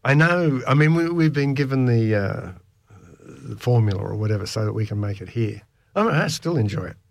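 A man's voice: mid-range voice, expressive, fairly quick, gravelly, dry recording, clean studio sound. A man, hosting a casual radio chat, telling stories and laughing often. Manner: chatty storyteller, laughs often.

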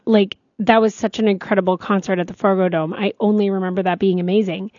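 A woman's voice: medium pitch, a little fast, few pauses, no echo, lo-fi sound. A woman, co-hosting a radio show in casual, giggly chat. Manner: giggly, chatty, animated. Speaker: radio co-host.

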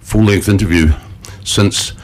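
A man's voice: on the low side, steady tone, unhurried. A man presenting morning radio from a studio, chatty and rambling, often breaking into laughter. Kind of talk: casual morning radio chat.

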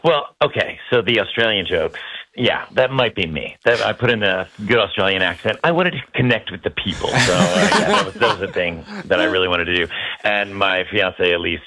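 An American man, a guest actor, chatting in a relaxed way in a radio interview. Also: low voice, poor audio. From United States. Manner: relaxed, chatty, quick restarts.

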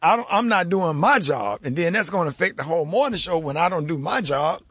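A man's voice: on the high side, lively intonation, a little fast, fairly bright tone, husky, dry recording, clean studio sound. A man hosting a radio morning show, casually bantering and playing along with a caller. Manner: playful, goes along with the caller.

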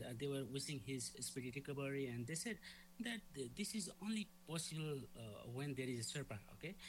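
A man's voice: mid-range voice, a little hiss or hum, low-quality recording. A male correspondent reporting from the field, hesitant with many fillers. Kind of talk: news report.

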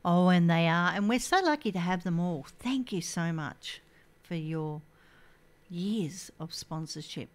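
A woman's voice: lowish voice, animated, a little slow, slight background noise. A woman hosting a morning radio show in a chatty, giggly, friendly manner. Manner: chatty, giggly, warm-hearted. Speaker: radio host. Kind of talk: casual community radio chat.

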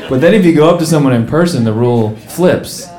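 A man's voice: on the high side, lively intonation, fast talker. A man doing an observational stand-up routine in a wry manner. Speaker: stand-up comedian. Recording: roomy club with loud crowd noise.

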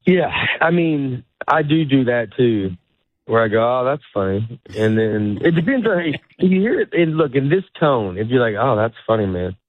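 A man's voice: medium pitch, very animated, moderate pace, no room sound. Man, middle-aged, comedian, rambling casual chat, restarts sentences, dry close sound. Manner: rambling, self-interrupting, laughs often. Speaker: comedian guest. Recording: dry phone-like audio.

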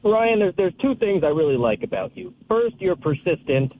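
A man's voice: sits high, very animated, moderate pace, husky, no room sound. A man calling in to a radio show, teasing and arguing animatedly with the host. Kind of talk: call-in radio banter. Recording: tinny phone line with faint hiss.

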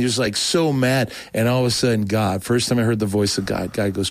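Guy telling his life story, chatty and animated, low voice, dry sound. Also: brisk, few pauses, no room sound. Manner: animated, acts out quoted dialogue, many restarts. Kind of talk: casual storytelling testimony.

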